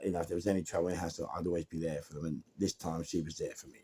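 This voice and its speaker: A man with a London accent telling a lively, slangy story and acting out what people said. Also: sits low, very fast, husky. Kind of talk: casual spoken anecdote.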